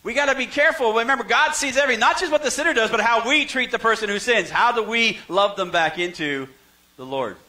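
A man's voice: very high voice, fast, bright, forceful tone. A man preaching a sermon to his church in a conversational way, asking the congregation to fill in words, with self-deprecating humor and frequent stammered restarts. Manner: conversational, call-and-response questions to the congregation. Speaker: pastor. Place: church sanctuary.

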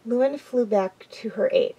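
A woman's voice: a little high, moderate pace, dark tone, slightly rough, highs cut off. A woman reading a children's adventure story aloud, with an unpolished delivery that stumbles and restarts now and then.

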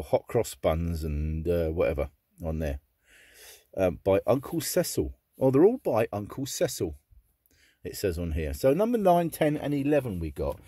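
Chatty man with a husky voice. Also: mid-range voice, dark tone. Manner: chatty and enthusiastic. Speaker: record collector vlogger. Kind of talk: casual chat.

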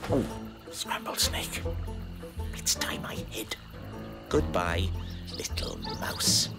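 An actor voicing a sly, hungry snake in an animated storybook, smooth-talking and slipping into hisses. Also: medium pitch, takes it slowly, exaggerated voice. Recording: music bed under the voice.

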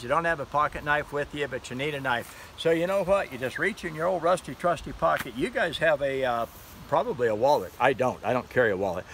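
A man's voice: fairly high pitch, a little hiss or hum, rough recording. Chatty man demoing a pocket knife. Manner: rambling, chatty, laughs at his own fumbles. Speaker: knife seller demonstrating a product. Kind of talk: casual product demo vlog.

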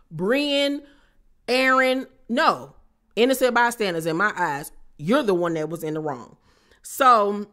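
A woman giving a casual, sassy recap of a reality TV episode, talking straight to her viewers with animated asides. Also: medium pitch.

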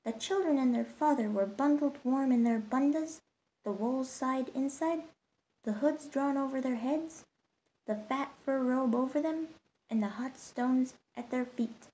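A woman storyteller narrating a holiday storybook tale in a gentle, steady way. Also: high voice, a little slow, low-quality recording.

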